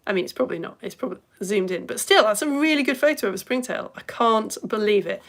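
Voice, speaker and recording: A woman and mother, chatting excitedly to her live-stream audience as she reads out their comments. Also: fast talker. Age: adult parent. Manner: excitable, chatty, with big swings in pitch and loudness. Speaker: live-stream educator reading chat comments.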